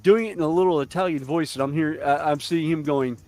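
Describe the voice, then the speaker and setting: A man's voice: a little high, fast, a little mellow, no room sound, faint music behind. A man on a voice call with friends, chiming in with short quips. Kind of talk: casual banter with friends. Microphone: desktop microphone on an online voice call.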